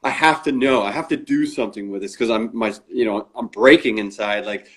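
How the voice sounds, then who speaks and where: A man's voice: on the low side, a little fast, fairly bright tone. A man as an interview guest, telling a story in casual chat. He acts out the quoted dialogue and often restarts and fills with "you know" and "uh". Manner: frequent restarts and fillers.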